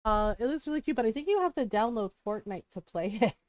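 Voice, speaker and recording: Chatty woman streamer, fairly high voice. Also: expressive, fast talker, a little mellow, no room sound, poor audio. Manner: chatty, rambling, laughs often. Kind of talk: casual chat while streaming a game.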